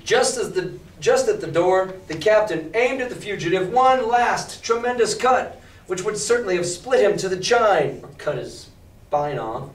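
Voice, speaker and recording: A male teacher reading a novel aloud to a class and explaining it in a lively, emphatic way. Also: sits high, moderate pace. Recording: echoey classroom from far off.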